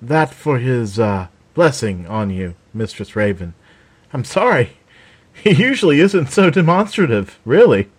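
A man voicing a grave, solemn male forest guardian who speaks in a low, measured way in a storybook reading. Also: very animated, slightly rough. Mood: apologetic.

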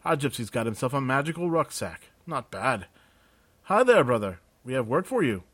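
A man voicing a blunt male army sergeant who speaks firmly in a clipped, quietly threatening way. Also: medium pitch, very animated, normal speed, slightly rough, no room sound.

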